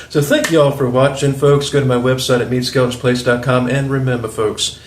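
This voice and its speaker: A man's voice: mid-range voice, steady tone, moderate pace, slight background noise. A man in his forties with a Southern US accent, hosting a rambling, opinionated monologue with chuckling asides. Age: 40s. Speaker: video host. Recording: roomy echo.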